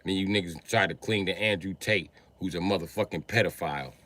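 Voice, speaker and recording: A man's voice: sits low, a little fast, bright, forceful tone. A man hosting a livestream who talks in a heated, crude, combative rant. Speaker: livestream host. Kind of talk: profane live-stream rant. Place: livestream setup.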